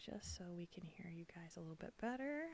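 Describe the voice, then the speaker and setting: A woman's voice: fairly low pitch, expressive, fast, creaky. A woman hosting a podcast in casual chat, bubbly and laughing often. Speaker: podcast host.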